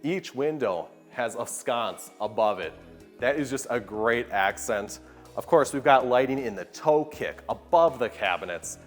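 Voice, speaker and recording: A man's voice: mid-range voice, expressive, a little slow. An upbeat man giving a walkthrough tour of a large kitchen, enthusiastically pointing out its features. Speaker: home tour guide. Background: soft background music.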